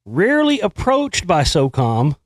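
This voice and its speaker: A man's voice: fairly high pitch, huge pitch swings, unhurried, dry recording. A man hosting a show, casually riffing on news stories in a profane, rambling and sarcastic way. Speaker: host. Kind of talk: casual monologue commenting on news.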